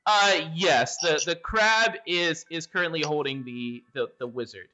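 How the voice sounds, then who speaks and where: A man's voice: fairly high pitch, measured pace, pushed and bright. A man running a tabletop game as game master, narrating with lots of hesitant fillers. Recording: dull lo-fi audio.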